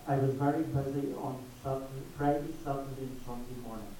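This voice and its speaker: A man preaching a sermon slowly and emphatically, his voice rising on repeated words. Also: medium pitch, warm tone. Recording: echoey hall from far off, faint hiss.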